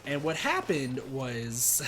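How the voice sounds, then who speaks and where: A male streamer with a hoarse, strained voice tells a rambling story, restarting his sentences often. His pitch is average for a man, and faint music plays under his talk. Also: wildly swooping pitch, takes it slowly. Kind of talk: casual storytelling on a game stream.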